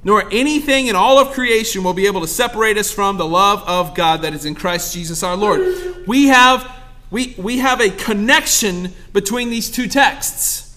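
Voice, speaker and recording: A man's voice: sits high, normal speed, sharp tone. A young pastor preaching a sermon to his congregation, calling out asides and asking for amens. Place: church sanctuary.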